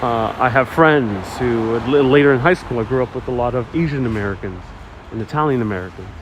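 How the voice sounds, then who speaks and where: A man's voice: medium pitch, brisk. A young adult man from Queens hosting a live walking tour on a city street, reading out viewer comments and answering them as he goes. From Queens, New York. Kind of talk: casual live-stream chat while walking. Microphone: wireless clip-on mic while walking. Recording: outdoor street recording with faint traffic noise. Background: street traffic.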